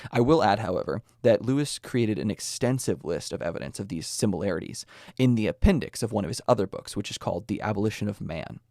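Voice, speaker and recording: A man's voice: on the low side, creaky, darkish tone, dry recording, clean studio sound. A young American man hosting a podcast, explaining ideas earnestly with small personal asides. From United States. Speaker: podcast host. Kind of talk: scripted explanatory talk.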